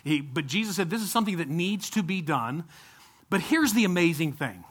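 A man preaching an informal sermon at a baptism service, talking conversationally, with frequent restarts and sudden bursts of excitement. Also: fairly high pitch, brisk, slightly rough. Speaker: pastor.

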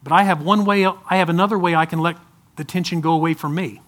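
Man, pastor, sermon, high-pitched, bright tone, urgent then hushed pleading. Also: fairly even intonation, fast talker. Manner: swings from loud urging to soft pleading.

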